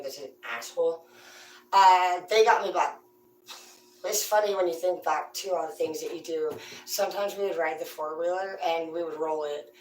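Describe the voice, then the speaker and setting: A woman with a slightly low voice spins foul-mouthed, rambling tales in a casual, animated way. She talks in a loose, chatty storytelling style. The sound is roomy and distant from the microphone. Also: slight background noise. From rural farm upbringing. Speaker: streamer telling stories. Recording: roomy, away from the mic.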